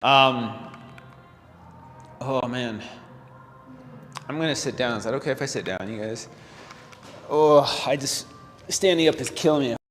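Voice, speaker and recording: A man around forty, a fitness vlogger, talking to viewers in a halting, earnest livestream chat full of fillers and restarts, holding back tears. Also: medium pitch, a bit bright, in a large hall, faint music behind. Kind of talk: casual livestream talk to viewers.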